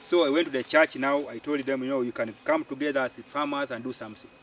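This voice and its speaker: A Ugandan man, a farmer and community organiser, telling his story in an animated way and repeating phrases for emphasis, recorded outdoors. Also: medium pitch, quick pace, slight background noise. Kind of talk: storytelling interview. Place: outdoors on a farm. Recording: distant mic outdoors, faint insects.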